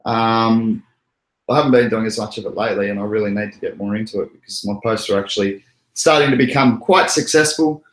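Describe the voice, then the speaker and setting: A man's voice: on the low side, fairly quick. An Australian man hosting a casual livestream, rambling and joking with frequent chuckles. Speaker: crypto livestream host. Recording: roomy echoey room.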